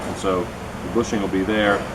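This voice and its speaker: A man's voice: sits low, steady tone, moderate pace. A middle-aged man walking through a car repair in his home garage, coaching a kid step by step. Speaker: host of a garage video. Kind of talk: casual workshop narration. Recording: noisy garage recording.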